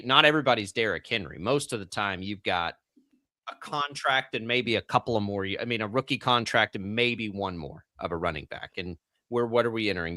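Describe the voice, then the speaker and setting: A man's voice: lowish voice, bright, forceful tone, no room sound, studio quality. A young man from Texas hosting sports radio, chatting casually with lots of fillers and self-deprecating asides. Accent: General American, trained out a Texas twang. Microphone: studio broadcast mic.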